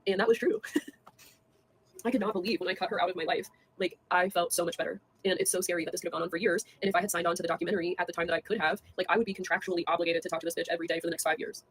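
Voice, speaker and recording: A young woman on a casual livestream, talking fast with lots of fillers, scornful and laughing between jabs at people. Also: fairly low pitch, steady tone, slight background noise.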